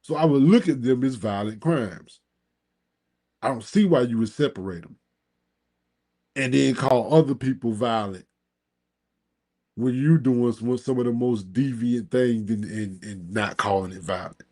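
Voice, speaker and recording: A man commentating on a live stream, mocking and sarcastic, his voice jumping up high when he scoffs and talking straight at his audience. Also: measured pace, long pauses, mellow. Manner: talks directly to the audience. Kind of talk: reacting to a replayed live stream.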